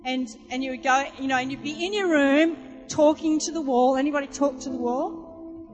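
A woman preacher with a high voice, telling homely stories and calling out questions to her listeners. Her voice rings with a long hall reverb. Music plays clearly underneath. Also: moderate pace, muffled recording. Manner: chatty storytelling, asks the audience questions. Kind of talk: sermon.

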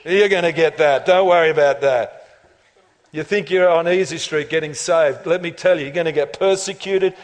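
A man preaching a lively, joking sermon as pastor of a church, laughing often and building to loud climaxes. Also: a little high, normal speed. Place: church auditorium. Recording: long reverb of a large hall.

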